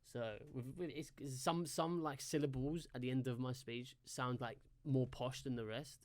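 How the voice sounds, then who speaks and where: A man's voice: medium pitch, steady tone, moderate pace, darkish tone. A man with a London accent, hosting a reaction video and thinking aloud in a loose, rambling way. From London, England. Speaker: reaction host. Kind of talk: casual reaction commentary.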